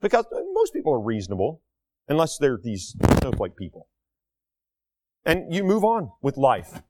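A man's voice: mid-range voice, wildly swooping pitch, normal speed, dark tone. A man delivering an emphatic, indignant opinion monologue, full of rhetorical questions, as a talk show host.

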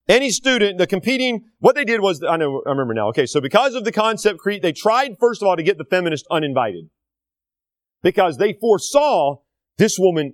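A man preaching with a high, lively voice that swings widely in pitch. He is indignant and sarcastic, and his voice sounds dry and close. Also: no echo. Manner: animated, indignant, sarcastic asides. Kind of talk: sermon.

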